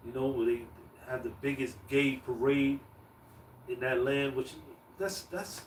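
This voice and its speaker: A man's voice: mid-range voice, level tone, a little slow, a little hiss or hum. A man reading scripture aloud and talking it over loosely, full of fillers. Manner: loose, filler-heavy, reads verses aloud. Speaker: scripture reader. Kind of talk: casual street preaching. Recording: echoey, distant mic, faint ambience.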